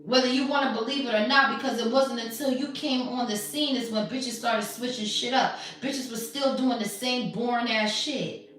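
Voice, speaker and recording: A woman's voice: on the high side, fairly even intonation, normal speed, a bit bright, recorded from a distance. A woman giving a tarot reading in a blunt, profane, slangy and mocking way. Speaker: tarot reader. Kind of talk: casual tarot reading monologue. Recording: very echoey room, voice off-mic.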